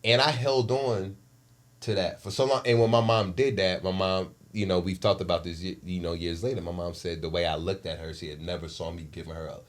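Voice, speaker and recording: A man in his forties, a podcast co-host, telling a personal story in casual chat with emotional, animated delivery. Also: deep voice, brisk. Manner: animated, emotional retelling with lively shifts in loudness.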